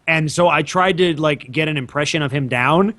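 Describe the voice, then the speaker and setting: A man's voice: on the high side, fairly bright tone, no room sound. A young man, a voice actor, chatting casually and playfully, often slipping into impressions. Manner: playful, quick to slip into impressions. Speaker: voice actor guest.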